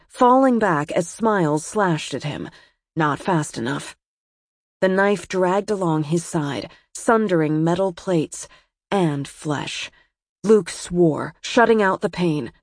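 Woman audiobook narrator, low voice, dry close sound, steady and measured. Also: no room sound. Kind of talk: scripted narration.

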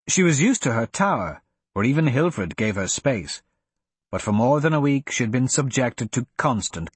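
A man narrating a fantasy audiobook with a husky voice and lively, swinging pitch. The recording is dry and close. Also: no room sound.

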